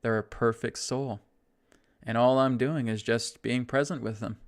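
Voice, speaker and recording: Gravelly-voiced man leading breathing exercises. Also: mid-range voice, fairly even intonation. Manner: slow, soothing, repeats "right?" and "okay?". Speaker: spiritual teacher. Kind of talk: guided self-help talk.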